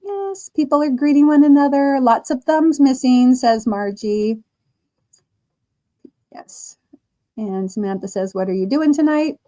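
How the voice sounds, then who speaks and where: A woman with a high, warm voice hosts a casual crochet livestream. She talks slowly and chattily, reading chat comments aloud and laughing often as she crochets.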